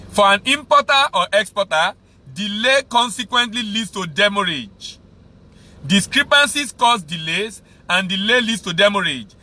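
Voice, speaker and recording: A man's voice: high-pitched, sharp tone. A man with a Nigerian English accent, teaching export business in an emphatic way, repeating key phrases for stress. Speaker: export trade instructor.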